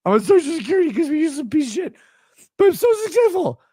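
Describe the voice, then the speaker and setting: A man putting on a high, whining voice to mock a desperate man who begs for attention. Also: sing-song, fast, warm tone, dry recording, clean studio sound. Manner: high sobbing mocking whine. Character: whiny desperate adult man begging, mocked.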